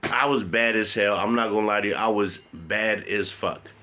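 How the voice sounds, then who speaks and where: A man telling a personal story in a blunt, profane, animated way. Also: lowish voice, moderate pace. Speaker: vlogger.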